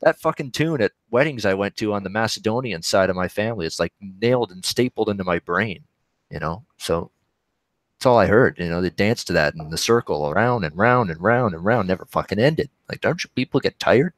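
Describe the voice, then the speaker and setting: Animated and a little fast, this low-voiced Canadian sports betting host rambles in casual livestream chat, reading questions from viewers and reacting to games live. The recording has no room sound.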